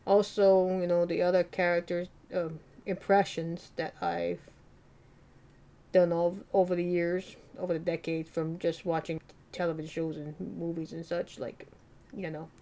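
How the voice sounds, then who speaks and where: A woman hosting a solo podcast, talking in a rambling, self-deprecating, soft-spoken way. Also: on the low side, little pitch movement, moderate pace. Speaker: podcast host. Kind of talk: casual solo podcast monologue.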